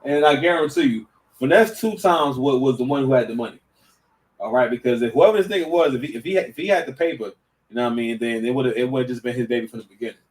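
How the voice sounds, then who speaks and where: A man's voice: medium pitch, fast, distant mic, poor audio. A man giving casual reaction commentary, stammering and restarting, full of slang. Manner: stammering, slang-heavy, animated.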